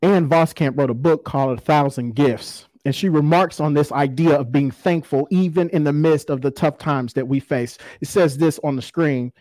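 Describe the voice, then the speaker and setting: A man's voice: on the high side, normal speed, hardly any pauses, a little mellow, no room sound, poor audio. A man, preaching a sermon in a folksy, conversational storytelling way. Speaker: pastor.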